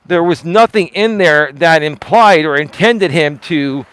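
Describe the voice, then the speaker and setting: A man's voice: a little high, unhurried, fairly bright tone, clear, resonant tone, no room sound. A man hosting a casual live stream, talking straight to his chat, emphatic and defensive and repeating himself for effect. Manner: talks straight to chat, asks pointed questions. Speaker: livestream host.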